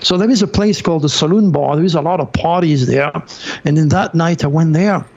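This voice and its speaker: Gravelly French-accented man telling stories. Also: fairly high pitch, highs cut off. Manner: animated, excitable storyteller with halting non-native phrasing. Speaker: guest. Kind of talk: storytelling in an interview.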